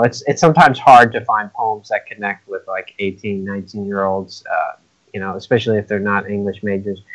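A man's voice: medium pitch, rough recording. A man who teaches college writing, talking casually and thoughtfully on a podcast, often restarting his sentences. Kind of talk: casual discussion.

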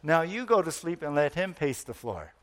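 A man doing a wife yelling out a window. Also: very animated, moderate pace. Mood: triumphant. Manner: yelling, shrill. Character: frantic wife shouting to a neighbor.

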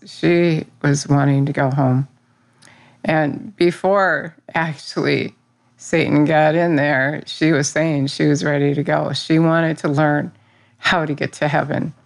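A woman's voice: sits low, gravelly, darkish tone. A middle-aged woman who teaches Bible study, sharing a personal faith testimony in an earnest, rambling way. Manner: earnest, rambling, with restarts and fillers.

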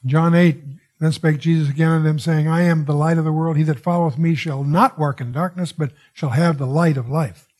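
A man teaches through a Bible passage, his voice husky and pitched a little high. He muses as he goes, drifting into asides and circling back with restarts. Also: fairly even intonation, fairly quick, darkish tone. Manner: digressive, musing, frequent wows and restarts.

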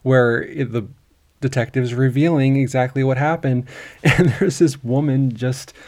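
A man co-hosting a casual movie review podcast, agreeable and quick to laugh. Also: medium pitch, fairly even intonation, darkish tone. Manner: agreeable, laughs often, short replies. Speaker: podcast co-host.

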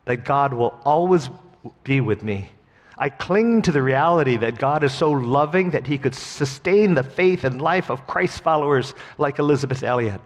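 A middle-aged man preaching a sermon as pastor, earnest, slow and emphatic. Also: medium pitch. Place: church sanctuary. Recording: long hall reverb.

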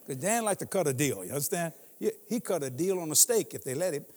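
A man's voice: fairly high pitch, lively intonation, fast talker, a little mellow, in a large hall. A man in his sixties preaching as a guest in a church, telling humorous stories and laughing often. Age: 60s. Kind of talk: sermon.

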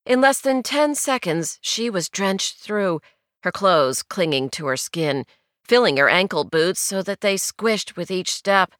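A woman narrating a novel in a measured, wry storytelling manner, recorded on a studio mic. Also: mid-range voice, lively intonation, a bit bright, clear, resonant tone, dry recording. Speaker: audiobook narrator. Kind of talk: scripted narration.

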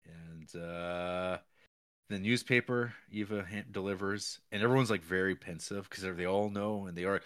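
A man co-hosting a podcast, recapping a series in a rambling, animated way with many fillers and squeaky put-on voices for characters. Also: moderate pace. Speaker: podcast co-host. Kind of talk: casual film recap chat.

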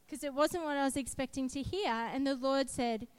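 A woman's voice: high-pitched, moderate pace, hardly any pauses. A woman, preaching a sermon and telling a personal testimony in an earnest, emphatic way.

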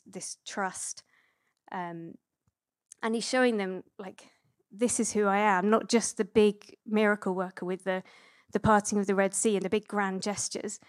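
A woman in her thirties giving a conversational sermon, chatty and relaxed, with frequent fillers and self-corrections. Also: mid-range voice, dry recording, studio quality. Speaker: preacher.

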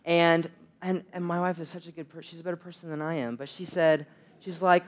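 A man's voice: on the high side, little pitch movement, a little fast. A young man preaching a sermon, telling humorous, self-deprecating stories. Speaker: pastor.

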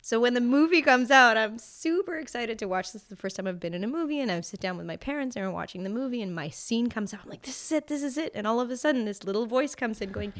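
Woman voice actress telling relaxed anecdotes. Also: fairly high pitch, quick pace, few pauses. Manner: relaxed anecdotal storytelling, many fillers. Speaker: voice actress guest. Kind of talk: casual interview chat.

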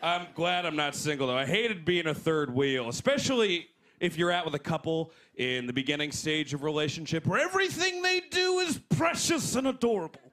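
A man in his twenties doing a stand-up set, animated and jumping into loud put-on voices. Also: a little high, a little fast. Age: 20s. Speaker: stand-up comedian. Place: comedy club stage. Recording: live club recording with crowd laughter. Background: audience laughing.

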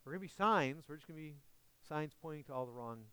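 A man's voice: a little high, animated, quick pace, bright, forceful tone, clear, resonant tone, no room sound. A man preaching a sermon as pastor, earnest and often asking his listeners questions.

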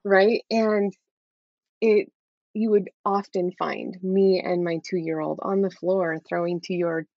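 A woman in her thirties, guesting in an interview, candidly shares a personal story and keeps tacking on "right?". Her voice is lowish, flat, slow and darkish, captured in a dull, dry, lo-fi recording with no room sound.

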